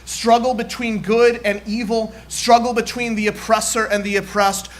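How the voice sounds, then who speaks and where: A man preaching a sermon in a church, in rhythmic, repetitive oratory. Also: extremely high pitch. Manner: builds to shouted call-and-response chant. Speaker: guest preacher. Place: church sanctuary.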